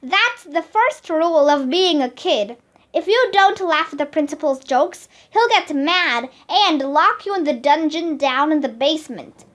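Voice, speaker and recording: A very high, bright voice reading a children's chapter book aloud. The reading is careful and slow, with each sentence spaced out. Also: expressive. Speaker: read-aloud narrator.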